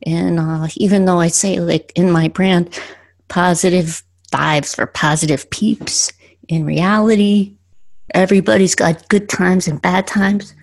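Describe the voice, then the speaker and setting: Slow, breathy woman reading poems. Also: fairly low pitch, steady tone. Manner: slow, earnest reading with pauses. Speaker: podcast host. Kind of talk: reading her own poems aloud.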